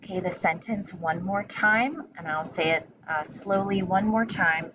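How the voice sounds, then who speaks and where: A young adult woman teacher dictating a spelling test to children, slowly and carefully, with long pauses between words. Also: on the low side, a bit bright. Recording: slightly dull recording with faint room noise.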